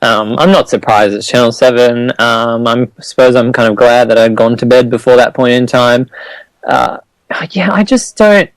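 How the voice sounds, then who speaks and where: Measured man, dry sound. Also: on the high side, no room sound, poor audio. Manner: measured, hesitant with fillers. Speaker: podcast co-host. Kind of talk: casual sports chat.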